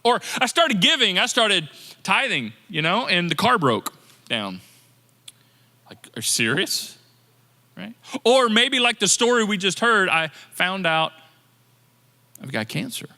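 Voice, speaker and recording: A man preaching a sermon as pastor, in a lively, conversational manner that acts out people's complaints. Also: high voice, unhurried, pauses often, long reverb tail. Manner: animated, conversational preaching with quoted inner voices. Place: church sanctuary.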